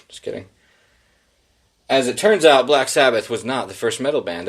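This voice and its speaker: A man hosting a solo podcast, reading headlines and riffing on them in a sarcastic, profane, rambling way. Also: lowish voice. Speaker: podcast host.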